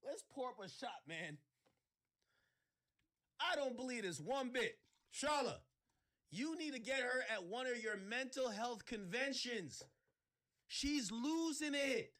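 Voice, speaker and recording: A man hosting a livestream, ranting sarcastically in casual chat and breaking into shouts. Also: very high voice, lively intonation, takes it slowly, long pauses. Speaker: livestream host.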